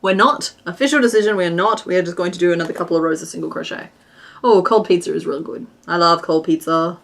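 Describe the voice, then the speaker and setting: A woman's voice: fairly low pitch, fast, creaky. A woman hosting a crochet livestream, chatting casually and giggling while she answers chat and counts stitches aloud.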